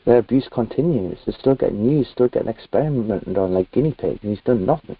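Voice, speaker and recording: A man's voice: mid-range voice, expressive, quick pace, breathy edge, no room sound. A British man from the UK, a guest talking in a casual video-call chat, earnest and rambling with many fillers. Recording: tinny phone-like dry call audio.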